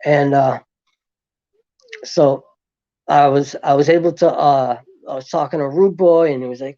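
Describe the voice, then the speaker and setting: A man tells a backstage story in a mellow, dry-sounding voice, stumbling through fillers and restarts. He grows animated as he retells it. The recording is dull and lo-fi. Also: fairly high pitch, a little slow, creaky, no echo. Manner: rambling, full of fillers and restarts; animated when retelling events. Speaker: guest. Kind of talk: casual storytelling.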